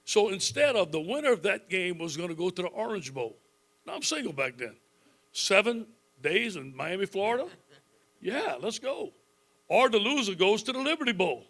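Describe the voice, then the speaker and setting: A man's voice: high voice, moderate pace. A man in his fifties, a football coach, telling folksy stories in a speech to a club audience, chuckling often. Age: 50s. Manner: folksy, animated storytelling with frequent chuckles.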